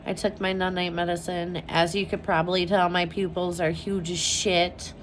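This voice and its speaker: A woman's voice: lowish voice, level tone, normal speed, slight background noise. A woman talking candidly at home in a casual vlog, speaking openly about her children, peppering her talk with "like" and casual swearing. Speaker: mother vlogging about her family. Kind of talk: casual personal vlog chat.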